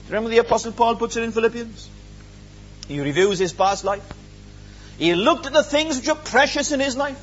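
A man's voice: very high voice, expressive, a little fast, dull audio, faint music behind. A man preaching a sermon, earnest and emphatic, with many rhetorical questions.

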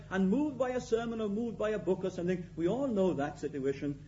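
A man preaching a sermon in an emphatic way, repeating his key phrases and swinging between loud and quiet. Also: high-pitched, brisk, few pauses, dull audio, slight background noise.

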